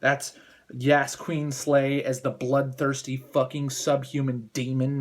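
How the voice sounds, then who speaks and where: Brief: male vlogger, mid-pitched, furious profane rant, contemptuous. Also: flat delivery, measured pace. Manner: profane, heated, contemptuous ranting. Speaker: political commentator. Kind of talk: angry political rant vlog.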